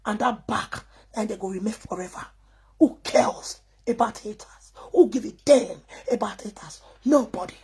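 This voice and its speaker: A woman's voice: medium pitch, moderate pace, a little mellow, husky. A woman with a Nigerian Pidgin accent, scolding and ranting defiantly to camera in an emphatic, repetitive way. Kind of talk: angry rant to camera.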